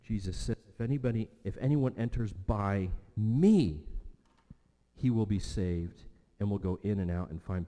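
A man's voice: fairly low pitch, mellow. A man preaching a sermon as pastor, with an emphatic delivery that rises and falls. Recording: long church hall reverb.

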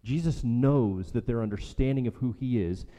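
With long reverb from the hall, a man preaches as a pastor in a mellow, mid-range voice at a moderate pace. His sermon is emphatic and rhetorical, driving points home by repeating key lines.

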